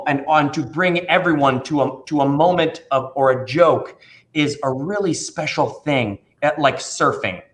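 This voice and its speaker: A man who works as a children's magician talks in a relaxed interview. He tells stories with animated energy and slips into playful voices for the people in them. His pitch sits in the middle range. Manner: animated storyteller, acts out voices in anecdotes. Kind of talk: casual interview conversation.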